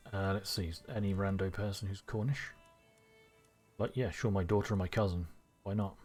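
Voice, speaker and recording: A man streaming a strategy game live, thinking aloud with excitable bursts. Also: lowish voice.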